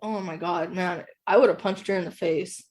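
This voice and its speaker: A woman's voice: on the low side, steady tone, normal speed, a little mellow. Rambling, filler-heavy woman co-host. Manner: rambling, full of "like" fillers while retelling. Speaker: podcast co-host. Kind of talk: casual book-club chat.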